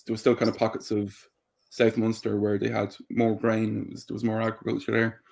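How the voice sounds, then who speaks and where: A young Irish man from Drogheda, speaking as a guest in a relaxed interview. His voice sits fairly low and stays flat in pitch. He explains things at length, pausing often with ums. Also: vocal fry. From Ireland. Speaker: podcast guest. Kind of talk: casual interview chat.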